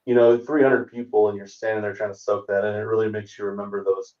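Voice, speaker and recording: This fairly low-pitched man, a comedian guest in his forties, shares an anecdote from the road at a quick clip, animatedly voicing the characters while keeping his timing loose. He's heard over a dull remote call, far from the mic in a reverberant room.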